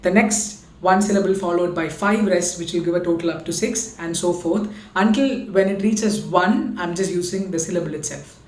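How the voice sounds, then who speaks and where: A woman's voice: lowish voice, moderate pace, hardly any pauses, a little mellow, roomy sound, slight background noise. A woman with an Indian English accent, patiently explaining and counting out a rhythm lesson and reciting konnakol syllables. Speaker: music teacher.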